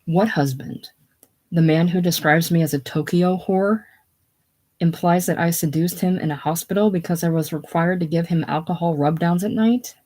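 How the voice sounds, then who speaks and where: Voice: medium pitch, moderate pace, mellow, natural voice, poor audio. A reader voicing a tearful young bride. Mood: indignant. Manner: wounded, indignant, near tears. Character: tearful young newlywed wife, prim and gentle. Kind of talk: casual play reading.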